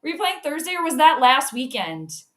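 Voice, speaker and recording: A woman's voice: sits high, sing-song, normal speed. A woman hosting a casual livestream, chatting and greeting viewers by name with frequent laughs. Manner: laughs often between remarks. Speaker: livestream host. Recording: roomy echo.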